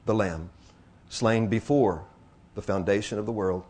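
His voice lowish and slightly rough, a man preaches to his congregation, easing into slow, hushed passages and working up to loud, excited exclamations. He repeats phrases to emphasize them.

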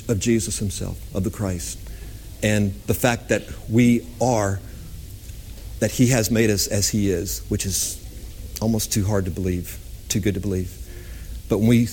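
A man preaching a sermon, animated, swinging between high excited exclamations and low hushed tones. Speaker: pastor.

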